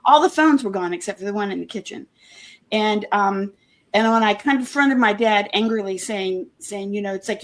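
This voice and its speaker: A woman being interviewed, talking earnestly in a halting way, with many restarts and homely comparisons. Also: medium pitch. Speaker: interview guest, former member of a church group. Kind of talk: casual conversational interview.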